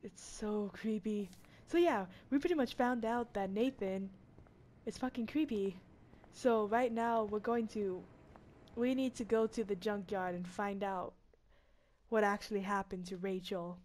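A woman's voice: mid-range voice, unhurried, a little mellow, a little hiss or hum. A woman giving casual let's-play commentary, reacting aloud with strong emotion and frequent exclamations. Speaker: gamer playing a story game. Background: game music.

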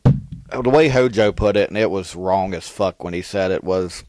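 A man's voice: low-pitched, moderate pace, darkish tone, no echo. A man, a wrestler guest on a podcast, telling ring stories bluntly and with plenty of swearing. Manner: blunt, profane storytelling. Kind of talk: casual interview chat.

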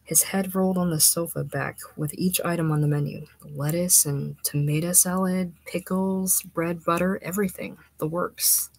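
Woman narrator for literary fiction, husky low voice, measured delivery. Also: fairly even intonation, a little mellow, no room sound, poor audio. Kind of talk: audiobook reading of a literary short story.

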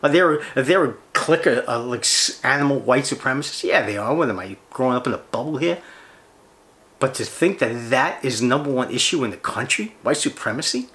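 A middle-aged man from the States who hosts a fishing channel and is in full rant mode. His voice sits in an ordinary male middle range, but he keeps jumping up in pitch with indignation and firing off rhetorical questions. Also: expressive, fairly quick, fairly bright tone. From United States. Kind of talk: heated ranting monologue.

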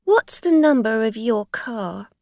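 A woman's voice: on the high side, lively intonation, slow pace, creaky, a little mellow, no echo, studio quality, voice pushed up, heavily acted. A woman voicing a scheming con woman who makes blunt, accusing demands. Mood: demanding.

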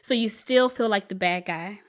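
A woman's voice: mid-range voice, normal speed. A woman in her forties hosting a commentary video, speaking earnestly and pressing her points with emphasis. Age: 40s. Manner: earnest, emphatic, pushes harder when stressing a point. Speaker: channel host. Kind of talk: commentary to camera.

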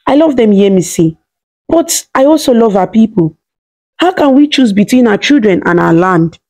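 A woman's voice: on the high side, lively intonation, moderate pace, dark tone. A woman voicing a torn, anguished young husband and father who speaks in a pained, hesitant way.

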